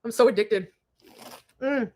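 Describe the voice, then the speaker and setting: A woman's voice: fairly high pitch, a little slow, darkish tone. A woman co-hosting a casual online chat, playful and giggly, joking around. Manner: playful, giggly, jokey voice imitations. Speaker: co-host.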